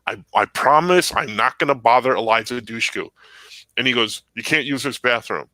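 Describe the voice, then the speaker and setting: A podcast co-host with a bright, mid-range voice rambles through an anecdote in casual chat at a moderate pace. The recording is dry and low in quality.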